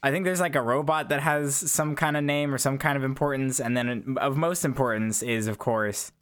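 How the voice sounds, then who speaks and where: Smooth-voiced man rambling through explanations. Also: mid-range voice, steady tone, moderate pace, a bit bright. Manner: rambling, hedging with fillers. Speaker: player. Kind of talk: actual-play podcast chat.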